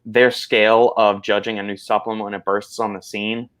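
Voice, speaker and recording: A man co-hosting a live stream as a supplement expert, explaining in a relaxed, halting way. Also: on the low side. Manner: relaxed, explanatory, hesitant restarts. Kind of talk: casual expert chat.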